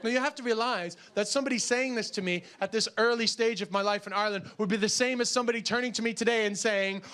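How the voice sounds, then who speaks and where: A man performing stand-up comedy, telling an animated story and shouting the punchlines. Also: high voice, fast talker. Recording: live club recording with audience noise. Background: audience laughter.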